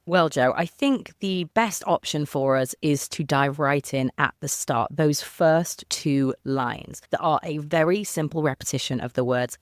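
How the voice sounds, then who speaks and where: A woman's voice: low-pitched, unhurried, hardly any pauses, dry recording. Woman cohost talking poetry, thoughtful and into it, dry close sound. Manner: thoughtful, expressive, enthusiastic. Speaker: podcast co-host. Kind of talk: conversational poetry analysis.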